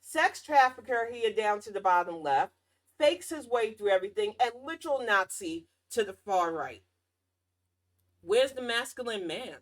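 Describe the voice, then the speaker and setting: A woman hosting her own show, ranting in casual political commentary with a sarcastic, mocking tone and lively swings in pitch and loudness. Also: moderate pace. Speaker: podcast host.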